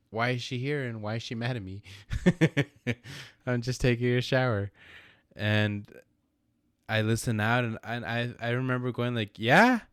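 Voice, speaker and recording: A man's voice: medium pitch, smooth, no echo, studio quality. A young man co-hosting a podcast, telling a story in a rambling, laughing way and repeating himself. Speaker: podcast co-host. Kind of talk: casual storytelling.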